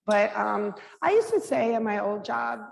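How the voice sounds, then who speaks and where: A middle-aged woman speaking candidly at a public Q&A, with a gravelly, fry-laced voice. She talks frankly in loose, conversational sentences full of restarts. Her voice carries a long reverb and faint background noise from a lecture hall. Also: on the high side, sing-song, moderate pace. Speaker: mayor, guest speaker. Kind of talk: candid Q&A answers at a public talk.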